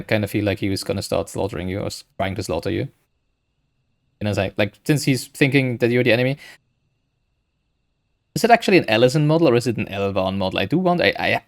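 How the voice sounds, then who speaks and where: A man giving casual, rambling gameplay commentary, thinking aloud with frequent hesitations. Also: on the low side. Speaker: gaming streamer.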